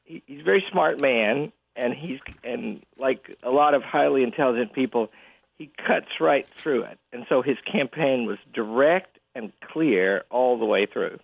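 A man's voice: medium pitch, gravelly, husky, dry recording. An older man as an interview guest on the phone, chuckling often and restarting his sentences as he talks. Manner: chuckling, halting with many restarts. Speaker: guest, college president. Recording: tinny phone line.

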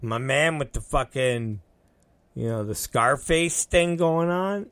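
Speaking slowly in a mid-range, fairly bright voice, a middle-aged storyteller rambles through an anecdote, acting out what people said and swearing freely. The recording is dry.

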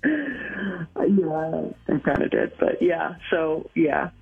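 A woman's voice: sits low, lively intonation, gravelly, slightly rough, soft background music. Hesitant woman on a tinny phone line. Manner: hesitant, halting, nervous laughs. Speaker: radio contest call recipient. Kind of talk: phone conversation.

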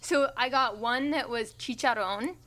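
A woman's voice: a little high, measured pace, fairly bright tone. A woman co-hosting a podcast, teasing her co-host and telling a wry story in casual chat, swearing offhandedly. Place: lives in Los Angeles.

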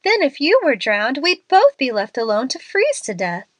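A woman's voice: sits high, wildly swooping pitch, normal speed, no room sound, heavily acted. A woman voicing a timid, panicky young woman who talks in a fretful, pleading way. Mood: frightened.

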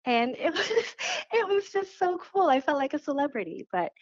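A woman author telling lively stories about sharing her poems in a radio interview. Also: high-pitched, moderate pace, no room sound, muffled recording. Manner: animated storytelling, laughs while talking. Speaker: poet and author guest.

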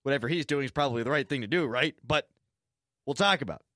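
A man's voice: mid-range voice, quick pace, fairly bright tone, dry recording, clean studio sound. A man hosting a sports talk radio show, ranting and sarcastic, repeating lines for emphasis.

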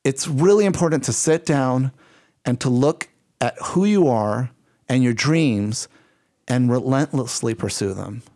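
A man co-hosting a podcast in a casual, energetic, rambling and playful way. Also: mid-range voice, a little slow. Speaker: podcast co-host. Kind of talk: casual chat.

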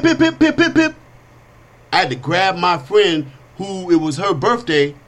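A middle-aged man hosting a talk show, telling personal stories in an animated, streetwise way with casual slang. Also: sits high. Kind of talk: storytelling monologue.

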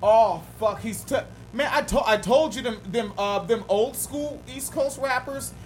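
A man's voice: very high-pitched, unhurried, faint music behind. A man co-hosting a casual political chat podcast, joking and laughing often in loose slangy talk. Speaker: podcast co-host.

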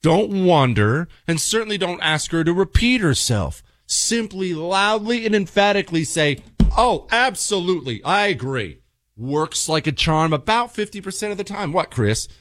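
A man's voice: sits high, lively intonation, moderate pace, few pauses, fairly bright tone, no room sound. A man hosting a talk radio show, giving joking, mock-serious advice to his listeners.

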